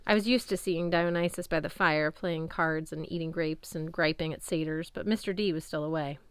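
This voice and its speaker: A woman narrating a first-person audiobook in an expressive storytelling manner. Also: low voice, moderate pace, smooth, no room sound.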